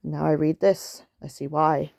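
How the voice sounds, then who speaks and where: A woman voicing an ancient female tortoise, speaking slowly and wearily. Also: sits low, fairly even intonation, creaky, mellow, no room sound, clean studio sound, exaggerated voice. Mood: weary. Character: weary ancient female tortoise, slow and sad.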